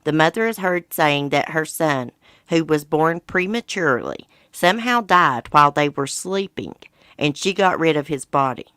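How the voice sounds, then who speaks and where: A woman's voice: sits low, lively intonation, moderate pace, fairly bright tone, clear, resonant tone, no room sound, clean studio sound. A woman hosting a casual commentary show, reading news reports aloud and breaking in with blunt, sarcastic asides. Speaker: host.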